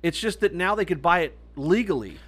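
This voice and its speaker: A man's voice: high-pitched, brisk. Teasing man podcast host. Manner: teasing, animated when quoting. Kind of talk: casual chat.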